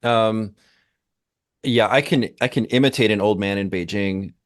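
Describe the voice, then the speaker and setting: A man with a fairly low voice co-hosts a podcast discussion. He talks in an emphatic, engaged way, working his ideas out aloud with small restarts. The sound is a close podcast microphone. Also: unhurried. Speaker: co-host, language teacher.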